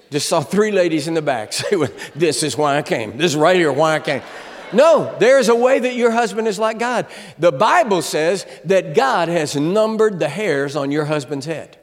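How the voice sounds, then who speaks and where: A man in his seventies preaching a humorous sermon as a guest speaker, telling stories with comic timing and shouting at the big moments. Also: high-pitched. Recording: long reverb of a large hall.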